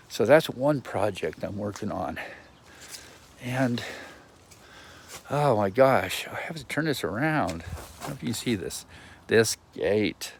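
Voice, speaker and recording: A man talks to the camera in a slow, unhurried ramble, his voice sitting a little low. He wanders from thought to thought, restarting sentences and filling gaps with ums. Faint outdoor ambience hangs behind the handheld phone recording. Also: gravelly, slight background noise. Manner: meandering, self-interrupting, lots of ums and restarts. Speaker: vlogger. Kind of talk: rambling outdoor video message. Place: outdoors in a yard.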